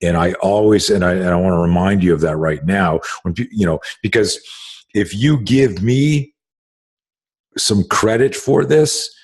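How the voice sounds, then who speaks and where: A man's voice: low voice, a little slow, husky. A man hosting a podcast as a self-defense instructor, talking in an emphatic, profane, casual way with many restarts.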